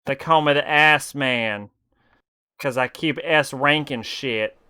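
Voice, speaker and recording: Giddy, profane male streamer with a crisp, bright voice. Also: mid-range voice, slow. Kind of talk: casual gameplay commentary.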